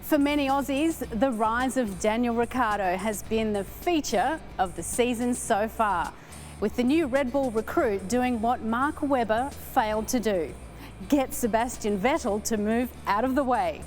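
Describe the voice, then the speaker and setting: A woman hosting a motorsport magazine show, reading scripted links and asking interview questions in a poised, even delivery. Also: fairly high pitch, unhurried, soft background music. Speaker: show host.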